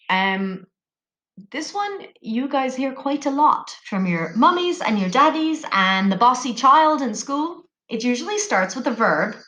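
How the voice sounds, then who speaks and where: A woman teacher speaks to young children in a bright, sing-song way. Her pitch sits a little high and swoops all over the place. The room rings with a noticeable echo. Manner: animated, sing-song classroom voice. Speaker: primary school teacher.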